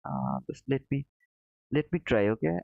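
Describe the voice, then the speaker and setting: Gravelly man teaching trading. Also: mid-range voice, normal speed, no echo. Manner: friendly, calls viewers brother, thinks aloud while charting. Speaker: trading stream host. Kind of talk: live trading commentary reading chat. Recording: dull lo-fi dry sound.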